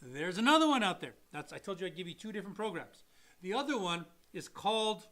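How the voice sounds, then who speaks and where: Male loan officer co-hosting a live stream, high and bright, animated delivery. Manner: animated, acts out people in quick quoted voices. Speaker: mortgage loan officer, co-host. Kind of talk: casual live-stream advice talk.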